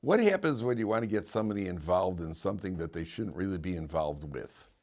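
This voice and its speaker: A man's voice: deep voice, animated, a little fast, darkish tone. A man, a rabbi, giving an informal Torah class to students, asking rhetorical questions and restarting phrases as he talks. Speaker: rabbi teaching a yeshiva class. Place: yeshiva classroom.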